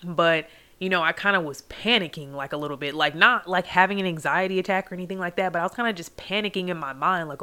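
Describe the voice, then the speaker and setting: A woman's voice: fairly low pitch, a little fast, a bit bright. A young adult woman hosting a solo podcast, talking candidly and at length, with many "like"s and asides to "you guys.". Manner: rambling, heartfelt, heavy use of "like" and "you guys". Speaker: podcast host.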